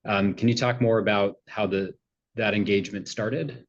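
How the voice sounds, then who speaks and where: A man presiding as a judge at a hearing, asking questions in a halting way with many fillers. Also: lowish voice, steady tone. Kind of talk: courtroom questioning. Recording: muffled lo-fi audio.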